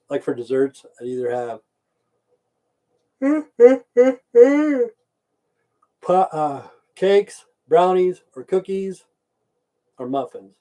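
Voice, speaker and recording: An older man rambles through a casual livestream rant, loose and profane, his level jumping from loud bursts down to low mutters. His voice has a dark, mellow tone. He talks straight to his viewers. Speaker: livestream host chatting with viewers.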